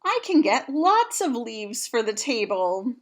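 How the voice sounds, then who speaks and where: A woman voicing a cheerful, literal-minded young housekeeper in a read-aloud storybook, with a slow, bright, earnest delivery. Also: on the high side, very animated, full character voice.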